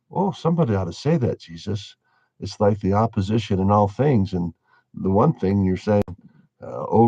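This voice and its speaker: A man's voice: sits low, creaky, mellow, slightly rough, dry recording. A man giving a casual spoken monologue on faith, musing wryly and laughing at his own points. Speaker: religious commentator. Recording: dull lo-fi dry recording.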